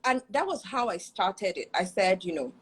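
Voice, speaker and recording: A woman hosting an interview, animated and self-deprecating, laughing often as she talks. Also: medium pitch, moderate pace, slightly rough, poor audio. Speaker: interview host. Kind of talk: candid conversational interview.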